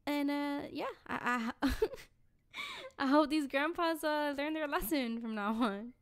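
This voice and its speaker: A woman's voice: high voice, slow pace. Blunt, profane young woman telling stories. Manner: blunt, profane, animated storytelling. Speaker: podcast co-host. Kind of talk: casual podcast chat.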